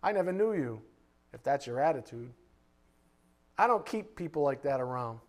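A man preaching a sermon, firing blunt rhetorical questions and swinging between loud emphasis and quiet asides. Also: medium pitch, lively intonation, normal speed.

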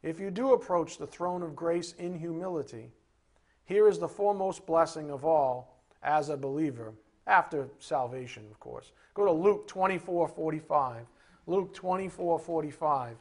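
A man giving a sermon as a Bible teacher, animated, asking rhetorical questions and acting out little scenes. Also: on the high side, moderate pace.

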